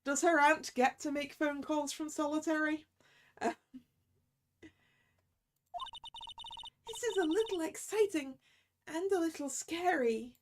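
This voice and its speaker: A woman's voice: high voice, measured pace, pauses often, noisy background. A woman streamer casually commenting while playing a story game, thinking aloud. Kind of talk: let's-play commentary.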